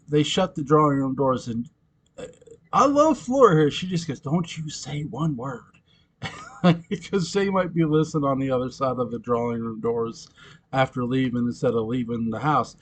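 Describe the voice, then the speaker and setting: Man, fan recap, slow rambling talk, animated pitch, laughs a lot. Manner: giggly, rambling, frequent laughter and self-corrections. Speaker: fan commentator recapping episodes.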